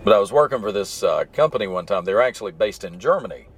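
A deep-voiced man with a light Southern accent rambles through easygoing stories. He talks to his listeners from the driver's seat of his truck. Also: animated, fast, husky. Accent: mild Southern US. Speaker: podcast host. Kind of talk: casual solo storytelling while driving. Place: in his truck stuck in traffic.

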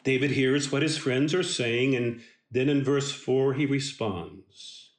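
A man giving a devotional Bible teaching in a slow, emphatic and earnest way. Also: mid-range voice, roomy sound.

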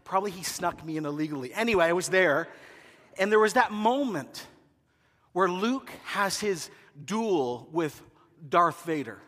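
A fairly high-voiced man preaching from the pulpit, carried by a long hall reverb. He tells stories animatedly and acts out the scenes he describes. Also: a little slow. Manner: animated storytelling, acting out movie scenes. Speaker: pastor. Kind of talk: sermon.

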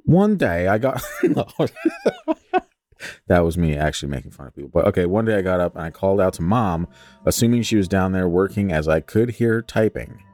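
A man's voice: low voice, animated, fairly quick, darkish tone. A young man co-hosting a podcast, reading a listener's ghost story aloud and breaking off to joke and swear casually.

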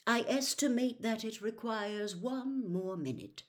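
A calm, formal elderly wizard headmaster , as a woman reads him aloud, announcing in a slow, measured manner. The storybook reading unhurried and steady, in a middling pitch. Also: natural voice.

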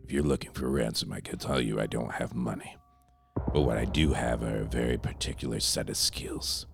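A man voicing a hot-headed older Irish action-movie star in a comedy sketch, growling lines and bursting into shouts. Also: a bass voice, a little fast, vocal fry, over music, exaggerated voice. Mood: menacing. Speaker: podcast co-host.

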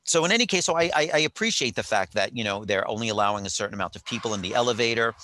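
A man's voice: on the low side, expressive, racing, sharp tone, a little hiss or hum. A man telling a rambling story in casual chat, with wry jokes, from a hotel while on vacation. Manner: chatty, rambling, wry asides.

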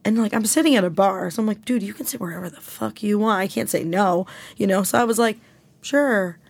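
A woman's voice: medium pitch, a little fast, creaky, no echo. Young woman rambling thru a story, swears a lot, dry close sound. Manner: profane, animated, rambling storytelling. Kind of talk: casual storytelling chat.

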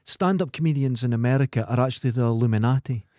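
A man's voice: mid-range voice, fast, warm tone, no echo, studio quality. A Scottish man co-hosting a podcast, chatting casually and crudely about a film and telling jokes. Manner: crude, joking, tells jokes with put-on voices. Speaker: podcast co-host. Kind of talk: casual film review chat.

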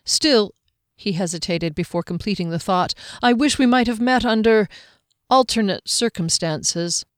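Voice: mid-range voice, animated, unhurried, dry recording, clean studio sound, close to an everyday voice. A narrator voicing a proud, guarded army major who speaks formally and courteously. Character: stern proud human army major, middle-aged.

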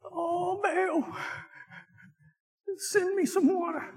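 A man voicing desperate pagan prophets, wailing and pleading in a slow, drawn-out cry. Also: very high-pitched, a little mellow, pitched above the performer's own voice, exaggerated voice.

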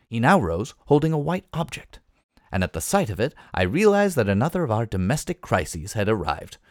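A man reading a comic novel aloud, lively and expressive in his storytelling. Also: on the low side, no echo, clean studio sound. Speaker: reader.

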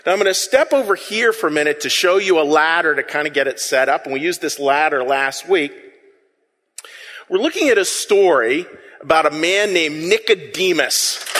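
A man with a high, animated voice delivers a sermon to his congregation in a relaxed, conversational way, asking them to answer back. His tone is bright and forward. The sound rings in a large hall with long reverb. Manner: conversational, asks the congregation to respond. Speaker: pastor.

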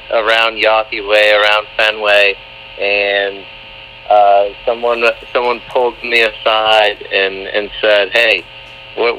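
A man calling in as a guest on a sports podcast, speaking in a hesitant, halting way with lots of fillers, over a breaking-up cell phone line. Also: fairly low pitch, sharp tone, slight background noise. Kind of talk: casual phone-in interview. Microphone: cell phone call.

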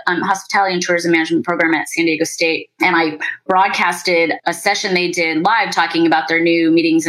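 A woman's voice: medium pitch, a bit bright, poor audio. Chatty upbeat woman hosting a podcast. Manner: upbeat, chatty, laughs often. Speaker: podcast host. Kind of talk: casual interview chat.

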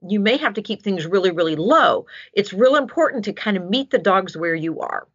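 A woman dog trainer giving casual, animated advice and acting out what a dog might say. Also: mid-range voice, a little fast, slightly rough. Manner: animated, acts out dog voices. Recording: dull lo-fi sound.

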